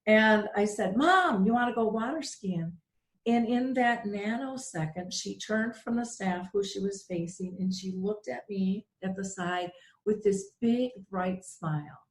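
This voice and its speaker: This middle-aged woman, hosting a radio program, narrates a heartfelt story about her life and voices the people involved. Her pitch is medium, her pace measured, and the sound reverberant. She comes across as an earnest, emotional storyteller whose quoted voices are vivid.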